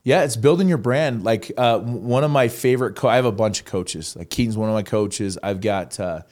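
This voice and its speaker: A man telling stories as a podcast guest in a casual, animated, slangy way. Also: fairly low pitch, brisk. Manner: animated, slangy, acts out quotes. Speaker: podcast guest, real estate agent. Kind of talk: casual storytelling interview.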